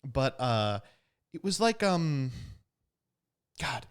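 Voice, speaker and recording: A man's voice: medium pitch, extremely slow, clean tone. A young man casually recounting a tournament, acting out what people said and laughing often. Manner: animated, laughs often, acts out quotes. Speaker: podcast host recapping a card tournament. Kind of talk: casual storytelling recap.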